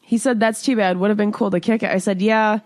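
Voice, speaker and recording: A fast-talking woman with a mid-range voice co-hosts a podcast, animatedly telling a dating story in casual chat and reading out the texts she received in mimicked voices. The recording is dry and studio quality.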